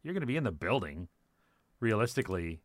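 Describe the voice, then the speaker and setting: A man's voice: fairly low pitch, sing-song, fast talker. A man giving skeptical, questioning commentary with a sarcastic edge.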